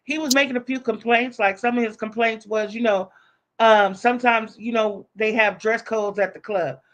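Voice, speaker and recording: A woman's voice: a little high, steady tone, normal speed. A woman live streamer telling a story in casual, profane talk, acting out the voices of the people she quotes.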